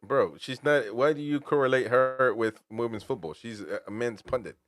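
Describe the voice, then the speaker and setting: A man's voice: mid-range voice, normal speed, a bit bright, no room sound, clean studio sound. A man hosting casual football talk, rambling with restarts and throwing in "man". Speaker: host.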